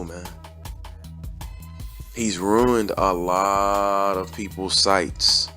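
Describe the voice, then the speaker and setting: A man with a very deep voice hosts his own channel and rants in blunt, slangy, preachy bursts that circle back on themselves. Soft music plays faintly underneath. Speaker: channel host. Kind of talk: casual opinion rant.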